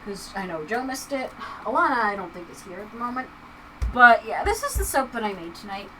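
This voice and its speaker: A bright, high-voiced woman rambles through a casual livestream chat, her pitch swinging widely as she talks. She sits a little back from the mic, and a faint background hiss runs under her voice. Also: very animated, fairly quick, recorded from a distance, rough recording. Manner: rambling, chatty, lots of filler words. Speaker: livestream host. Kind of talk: casual chat while crafting. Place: home crafting space.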